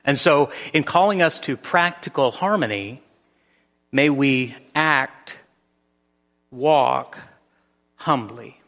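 A man's voice: mid-range voice, slow, long pauses, fairly bright tone. Man preaching in an echoing hall. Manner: storytelling, varied emphasis. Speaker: pastor. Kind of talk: sermon.

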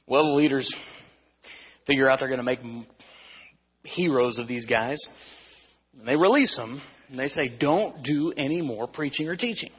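Conversational pastor preaching in an echoey hall. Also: male voice, medium pitch, moderate pace, pauses often, husky, lo-fi sound. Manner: conversational preaching with restarts and humor. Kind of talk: evening sermon.

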